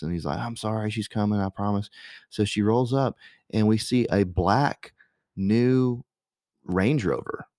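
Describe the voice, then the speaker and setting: Young male host, rambling anecdotal delivery, lowish voice, dry close sound. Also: darkish tone, dry recording. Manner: rambling, chatty, with frequent fillers and restarts. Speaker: radio host. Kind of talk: casual storytelling monologue.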